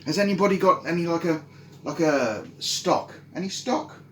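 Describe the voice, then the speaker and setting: A man's voice: a little high, expressive, moderate pace, a little hiss or hum, pitched above the performer's own voice, lightly acted. A man voicing a cheerful, resourceful soldier who coaxes villagers, with an upbeat, hesitant manner. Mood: coaxing. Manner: upbeat, coaxing, hesitant restarts. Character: cheerful, resourceful male soldier cooking stew. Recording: roomy echo.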